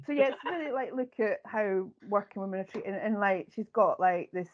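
A woman co-hosting a podcast chats casually and rambles with many fillers, speaking fairly quickly in a mid-range voice. The recording is dull and lo-fi.

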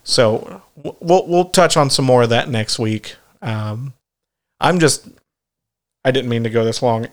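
A man's voice: mid-range voice, a little slow. A man in his thirties co-hosting a podcast, rambling through stories in casual chat, swearing often and laughing at himself. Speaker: podcast co-host.

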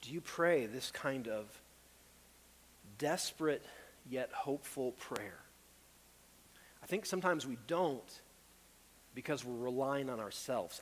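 A pastor preaching a sermon with earnest urgency, rising to loud pleas and dropping to hushed tones. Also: male voice, medium pitch, animated, slow pace, pauses often, big-room sound. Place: church sanctuary.

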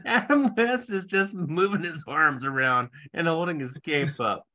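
A man's voice: on the high side, unhurried, pushed and bright. A man co-hosting a podcast in casual chat, wry and sarcastic, laughing often as he recaps a TV episode. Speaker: podcast co-host.

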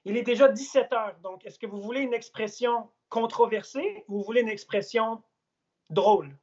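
A man with a Quebec French accent talks casually over a phone held on a gimbal, drifting between French and English. His voice is a little husky, and the line sounds dull and muffled. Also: sits high, a little fast, a little mellow. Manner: switches between French and English mid-sentence. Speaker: remote guest. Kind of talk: casual bilingual chat.

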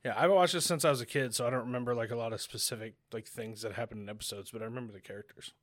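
A man chatting on a podcast, opinionated and quick to react. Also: medium pitch, no room sound, studio quality. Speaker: podcast co-host. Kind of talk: casual chat.

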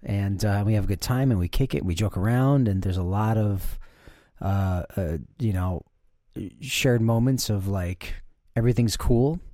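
A man's voice: lowish voice, a little slow, mellow, no room sound, clean studio sound. A man hosting a podcast alone, talking casually in a rambling, profane way with lots of fillers and restarts. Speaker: podcast host. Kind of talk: casual solo monologue.

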